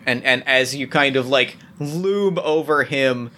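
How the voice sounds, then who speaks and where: Bright-voiced man running a tabletop game. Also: medium pitch. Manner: halting, many restarts and fillers. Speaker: game master.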